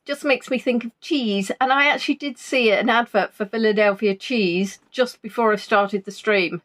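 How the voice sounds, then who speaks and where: Talking at a normal speed with hardly any pauses, a livestream host chats from home in a fairly high, fairly bright voice. Her talk is loose and rambling, self-deprecating, and she isn't quite over being sick.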